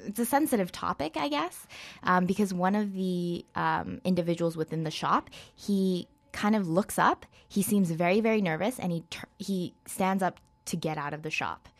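Chatty woman guest, lowish voice. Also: normal speed. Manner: chatty, many fillers and hedges. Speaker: guest film reviewer. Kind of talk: casual interview chat.

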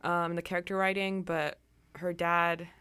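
A young woman co-hosts a relaxed book chat, thinking aloud in an easygoing way. Her voice is bright and crisp, pitched a little low. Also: measured pace. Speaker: podcast co-host. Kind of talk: casual book discussion.

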